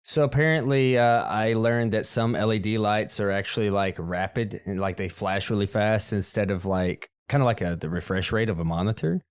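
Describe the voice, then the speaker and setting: A man's voice: on the low side, moderate pace, few pauses, smooth, dry recording, clean studio sound. A man hosting a podcast, chatting casually and joking, laughing often over a video call. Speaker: podcast host. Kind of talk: casual chat.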